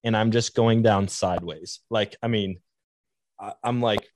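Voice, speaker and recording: A man with a low voice hosts a podcast, telling his stories in a casual, meandering way. He leans on "like" as a filler. The sound is dry and close. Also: steady tone, unhurried, darkish tone, no echo. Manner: rambling anecdotes with many "like" fillers. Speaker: podcast host. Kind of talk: casual storytelling chat.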